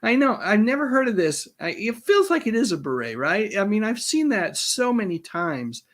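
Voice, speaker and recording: A man hosting a live-stream trivia quiz, chatty and reading out the answer choices slowly. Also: sits high, sing-song. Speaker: host.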